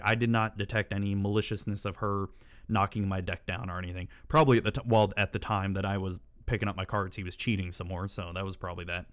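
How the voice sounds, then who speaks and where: A man's voice: on the low side, clear, resonant tone. A man telling stories to camera in a casual, rambling way, often swearing and ranting in exasperation. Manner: rambling and profane, with exasperated rants. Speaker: channel host.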